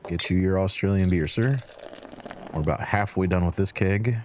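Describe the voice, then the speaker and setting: A man's voice: deep voice, moderate pace, a little mellow, slight background noise. A man hosting a let's-play, chatting to in-game customers as he serves drinks and counts out change. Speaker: gaming channel host. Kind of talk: relaxed let's-play commentary.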